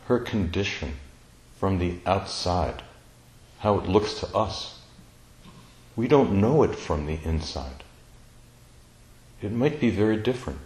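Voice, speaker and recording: A man telling a personal family story in a slow, tender, reflective way, pausing often. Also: lowish voice, a little mellow, echoey room, rough recording. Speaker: speaker sharing a personal story.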